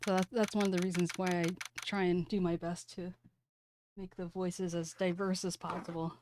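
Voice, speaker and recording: A woman streamer chatting casually with her viewers between game lines, self-deprecating and relaxed. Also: on the low side, normal speed, slight background noise. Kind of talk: casual gaming stream chat. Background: game music.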